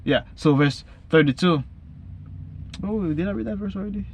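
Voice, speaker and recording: A man reading Bible verses slowly, then retelling each one casually in everyday slang. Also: high-pitched, slight background noise. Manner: frequent fillers and restarts, says basically a lot. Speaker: Bible reader and explainer. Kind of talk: casual Bible study talk.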